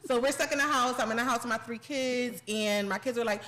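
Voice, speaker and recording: A woman guest on a talk show, telling stories in a lively, casual way and laughing often. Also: fairly high pitch, fairly quick, few pauses. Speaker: guest, content creator and chef. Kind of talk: casual interview chat. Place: podcast studio.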